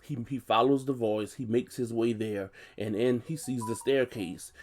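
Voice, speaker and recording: A man's voice: mid-range voice, steady tone, moderate pace, a little mellow. Laid-back man casually recapping a movie. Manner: chatty, loose and conversational, full of "you know" asides. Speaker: movie reviewer.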